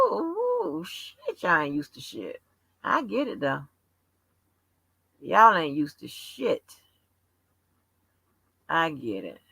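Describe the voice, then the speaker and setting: Loud-mouthed woman on a live stream, swearing and teasing chat, slow bright swoopy voice. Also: mid-range voice, creaky, husky, no room sound, low-quality recording. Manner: brash, profane, teasing chat commenters. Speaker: livestream host.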